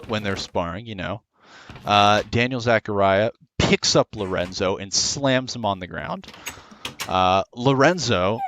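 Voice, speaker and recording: Young man, lowish voice, rambling storyteller, lots of fillers, gaming voice chat. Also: a bit bright, slight background noise. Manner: rambling, lots of "you know" and "uh". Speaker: gamer telling a story. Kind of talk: casual storytelling over voice chat while gaming.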